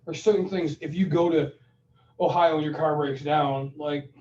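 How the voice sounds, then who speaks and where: Male co-host, animated storyteller, off-mic with a dull, roomy sound. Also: on the high side, normal speed, far from the mic, slight background noise. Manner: animated storyteller, acts out phone calls. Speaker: podcast co-host giving money advice. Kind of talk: casual chat.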